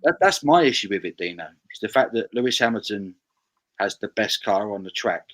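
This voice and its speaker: A man's voice: lowish voice, animated, a little fast, fairly bright tone. A man hosting a casual live chat over beers, chatty and laughing, often stammering through his restarts.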